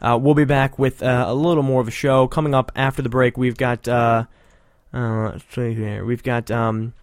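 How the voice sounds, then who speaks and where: A man's voice: medium pitch, flat delivery, moderate pace, clean tone, dry recording, studio quality. Sarcastic male talk-show host. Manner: sarcastic, rambling, jokey asides. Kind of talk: political talk show monologue.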